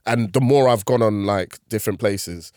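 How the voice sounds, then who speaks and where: A comedian chatting casually as a podcast guest, telling animated stories and laughing often. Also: male voice, on the low side, normal speed, no room sound, clean studio sound.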